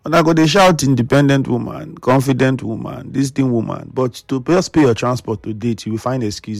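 A man's voice: mid-range voice, brisk, vocal fry, hardly any pauses, no echo, clean studio sound. A Nigerian man hosting a radio talk show, lecturing his listeners in a scolding, preachy way and mixing in pidgin.

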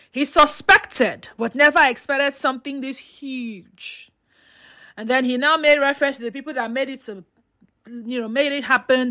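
A woman's voice: sits high, sharp tone. A Nigerian woman giving chatty vlog commentary, mixing in pidgin and throwing out rhetorical questions. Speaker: social media commentator.

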